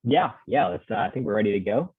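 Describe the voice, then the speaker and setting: Young male host, lowish voice, dry tinny call audio, relaxed and halting. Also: breathy edge. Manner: easygoing, hesitant, many fillers. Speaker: club host. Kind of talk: casual meeting host.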